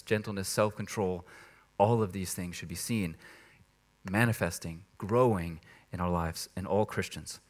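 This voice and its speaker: A man preaching a sermon in a church, talking in a conversational, emphatic way and laughing at himself now and then. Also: fairly low pitch. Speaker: pastor.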